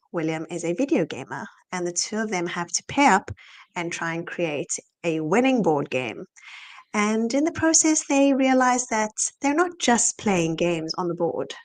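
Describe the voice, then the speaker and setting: A woman with a South African accent, a guest author being interviewed over a video call, relaxed and measured. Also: lowish voice.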